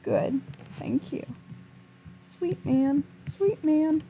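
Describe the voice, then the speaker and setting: A woman's voice: high-pitched, very slow, mellow, a little hiss or hum. A woman giving frantic gameplay commentary, pleading and talking to her viewers. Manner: panicky, pleading, talks to viewers. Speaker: gamer.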